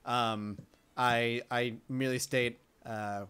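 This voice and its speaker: A man playing a tabletop game, speaking thoughtfully and trailing off softly. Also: medium pitch, expressive, moderate pace. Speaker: player.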